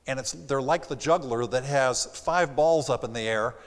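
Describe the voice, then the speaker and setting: A man's voice: mid-range voice, normal speed. Man giving a seminar in a reverberant theater. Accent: slight Southern. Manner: animated, acts out quoted customers. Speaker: sales trainer. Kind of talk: live seminar presentation. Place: theater stage.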